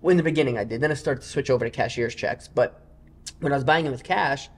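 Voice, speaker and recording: A man's voice: medium pitch, fast talker, slight background noise. Man rambling through gambling anecdotes. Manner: loose, rambling anecdotes full of asides. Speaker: professional gambler guest. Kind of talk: casual interview storytelling.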